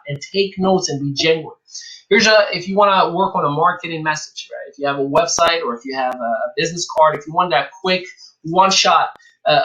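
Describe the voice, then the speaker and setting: A man giving a motivational business talk as a coach, energetic, acting out both sides of sales conversations, with English as a second language. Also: on the high side, poor audio. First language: not English.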